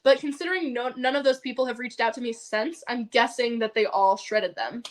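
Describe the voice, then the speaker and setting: A woman with a slightly high voice tells a story from her own life as a podcast guest. She talks in an animated, rambling way, filling her sentences with "like" and breaking into laughs. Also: fairly quick, hardly any pauses. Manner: animated, heavy use of "like", laughs often. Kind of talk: personal storytelling.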